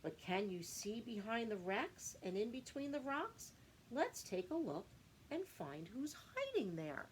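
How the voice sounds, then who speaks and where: A woman teacher reading a picture book aloud to children, with animated singsong storytelling. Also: fairly high pitch, a little slow, a little hiss or hum, low-quality recording.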